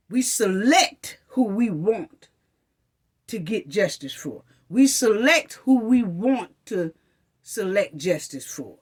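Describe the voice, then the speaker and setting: A woman talks straight to her viewers in fiery, repetitive commentary. Her voice sits fairly high, and she keeps circling back to mocking, quoted phrases. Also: slightly rough. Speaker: commentary channel host.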